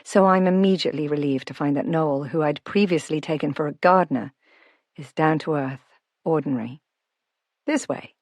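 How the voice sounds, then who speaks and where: A woman narrating a novel in first person, reading in a calm, reflective way. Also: low voice, no room sound, clean studio sound. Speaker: audiobook narrator.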